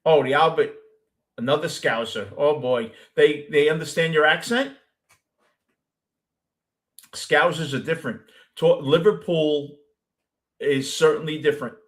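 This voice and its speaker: A man's voice: a little high, unhurried, long pauses. A man with a Brooklyn accent who hosts a show, chatting casually with a caller and telling long, rambling stories with many restarts. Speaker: host.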